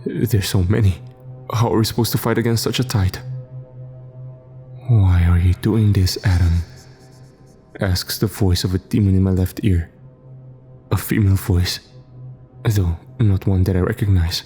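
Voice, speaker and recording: Male horror-story narrator, deep and mellow, steady and grim, soft music underneath. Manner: grave, measured first-person storytelling. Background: faint music.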